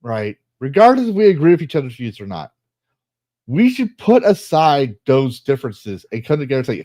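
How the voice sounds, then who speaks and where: A man's voice: medium pitch, very animated, normal speed, dark tone, no room sound. A man hosting a casual online discussion, reading posts aloud and reacting with blunt, profane commentary. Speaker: host.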